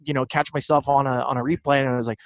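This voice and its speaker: A man from Southern California, a baseball broadcaster and guest, telling animated stories in casual chat. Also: mid-range voice, quick pace. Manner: animated storytelling, fond of quoting others.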